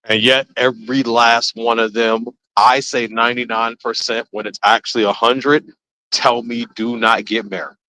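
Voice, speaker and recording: A man in an easygoing podcast conversation, talking in a steady middle register. He tells stories and jumps up into livelier voices when he quotes people. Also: mid-range voice, moderate pace, no echo, poor audio. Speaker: host. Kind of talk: casual podcast chat.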